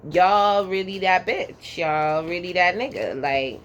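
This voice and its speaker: A woman's voice: fairly low pitch, highs cut off, slight background noise. Sassy, profane woman reading tarot. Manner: sassy, profane, emphatic, keeps adding "okay?"; drawls some words slowly for emphasis. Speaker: tarot card reader. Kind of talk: casual pick-a-card tarot reading.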